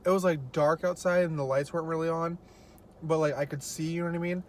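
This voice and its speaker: A man's voice: on the high side, fairly even intonation, fast talker, a little hiss or hum. A young man vlogging casually as he eats, telling stories in a chatty way with lots of fillers. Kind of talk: casual mukbang chat.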